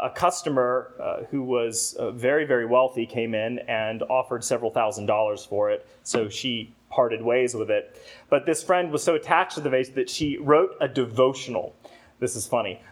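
Male preacher, mid-pitched, sermon storytelling with acted-out asides. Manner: storytelling, acts out a talking vase with rising exclamations. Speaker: rector preaching.

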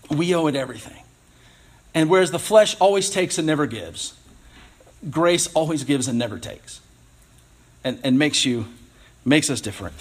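A man in his thirties preaches from the pulpit with a slightly husky, somewhat high voice. He talks to the congregation earnestly and conversationally, often restarting phrases and dropping in wry asides. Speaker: pastor. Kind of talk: sermon.

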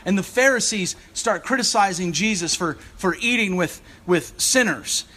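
A man's voice: high voice, normal speed, bright, forceful tone. A man preaching a sermon as a church's assistant rector, earnest and searching, often restarting his phrases. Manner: earnest, searching delivery with frequent restarts and fillers.

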